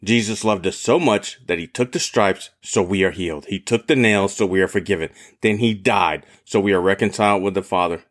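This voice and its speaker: A man preaching a sermon as a podcast host, with emphatic repetition. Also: lowish voice.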